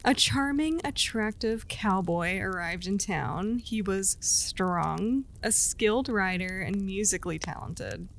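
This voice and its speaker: A woman's voice: mid-range voice, slow, gravelly, hardly any pauses, a bit bright, slight background noise, rough recording. A woman co-hosting a podcast, telling a legend in casual chat and laughing often between lines. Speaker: podcast co-host.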